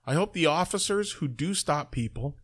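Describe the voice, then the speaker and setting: A man reads news items in a casual tone, then cuts in with sarcastic, profane remarks. His pitch swings widely as he goes. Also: expressive, normal speed. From Canada. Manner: sarcastic asides, profane, chuckling. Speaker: host reading and commenting on news. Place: Toronto.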